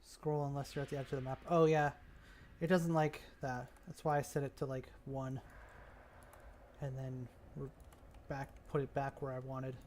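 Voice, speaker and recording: A man's voice: medium pitch, flat delivery, moderate pace, a little mellow, a little hiss or hum. A man thinking aloud in a casual, rambling way as he builds a game map, often trailing off. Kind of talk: casual commentary while working.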